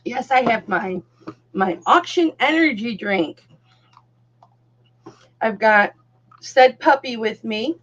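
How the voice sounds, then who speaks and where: A woman's voice: on the high side, animated, slow pace, long pauses, fairly bright tone, muffled recording, a little hiss or hum. An older woman hosting a live jewelry auction stream from home, chatting casually and cooing at her puppy. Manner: chatty, talks baby-talk to her puppy. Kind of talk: casual livestream chat.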